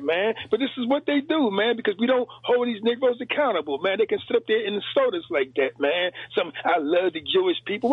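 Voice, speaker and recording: A man's voice: high-pitched, slightly rough, dry recording. A man calling in to a radio show, ranting heatedly and repeating himself. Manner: heated, rapid, repetitive ranting. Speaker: caller. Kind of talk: call-in radio rant. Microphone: telephone. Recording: dry, tinny phone line.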